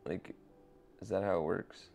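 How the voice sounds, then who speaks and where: A streamer with a deep, creaky, slightly mellow voice talks unhurriedly and with fairly even intonation while playing a racing game. Faint music plays behind as he rambles loosely to chat, swearing in asides.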